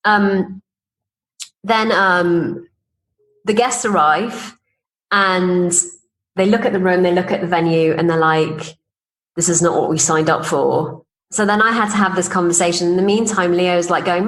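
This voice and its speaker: This woman's voice is fairly low and fairly bright, with fairly even intonation and a measured pace, captured in low quality. As a business coach on a podcast, she chats casually through personal anecdotes, voicing the quoted lines and laughing along.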